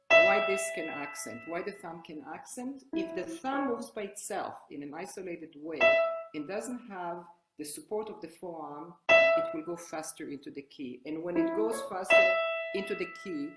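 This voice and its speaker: In a piano lesson demonstration, a lowish-voiced older woman talks through the music as she plays, stopping and restarting haltingly. Loud piano fills the echoey room around her.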